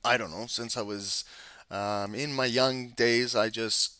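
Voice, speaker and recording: Male trading instructor, casual and rambling with fillers, crisp bright tone, dry sound. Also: mid-range voice, fairly even intonation, unhurried, dry recording. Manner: casual, talkative, many ums and restarts. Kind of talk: live screen-share trading lesson.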